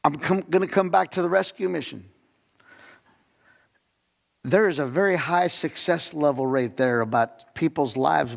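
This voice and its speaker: A man's voice: on the high side, vocal fry. A man preaching a sermon as the pastor, talking conversationally and asking the congregation questions. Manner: conversational preaching with audience questions and acted-out quotes. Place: church sanctuary. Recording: long church hall reverb.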